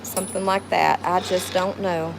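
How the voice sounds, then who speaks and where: A woman's voice: lowish voice, little pitch movement, normal speed, creaky, background noise. A middle-aged woman with a Southern US accent, hosting a casual livestream chat outdoors at home, rambling and emotional as she greets viewers by name. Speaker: livestream host.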